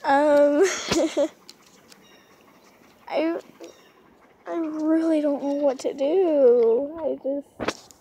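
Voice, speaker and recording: A woman's voice: high-pitched, fairly even intonation, very slow, long pauses, dark tone, slight background noise. A woman vlogging casually outdoors from a lounge chair, rambling, hesitant and pleading.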